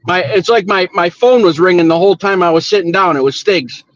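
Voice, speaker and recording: Rambling man host, fairly high voice. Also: fairly quick, highs cut off. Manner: rambling, restarts, swears when riled. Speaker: show host, wedding DJ. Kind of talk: casual chat.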